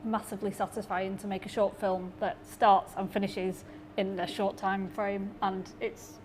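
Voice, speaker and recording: A woman's voice: mid-range voice, little pitch movement, normal speed, a little mellow, a little hiss or hum. A woman, an independent filmmaker, chatting casually and self-deprecatingly in an interview.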